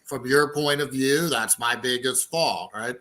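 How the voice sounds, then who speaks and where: A man with a bright, forceful voice reasons through a skeptical position in a casual debate. He works through his points aloud and keeps checking whether the other man follows him. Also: mid-range voice, a little slow. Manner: reasoning, questioning, often asks for agreement. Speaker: skeptical panel participant.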